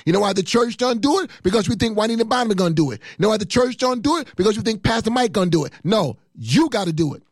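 Fiery high-voiced preacher man in his fifties. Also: expressive, fast talker, few pauses, no echo, studio quality. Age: 50s. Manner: fiery, emphatic preaching with repetition. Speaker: pastor. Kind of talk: sermon.

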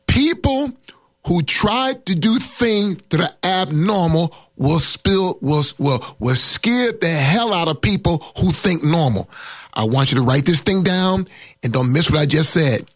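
Man preaching, high voice, dry close sound, emphatic sermon delivery, middle-aged pastor. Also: lively intonation, dry recording. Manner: emphatic preaching, drawn-out words and rising pitch for emphasis.

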